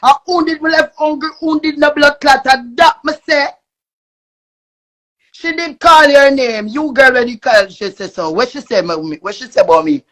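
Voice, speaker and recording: A young woman with a Jamaican accent ranting angrily on a live stream, cursing and shouting. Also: high-pitched, normal speed, few pauses. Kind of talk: angry live-stream rant.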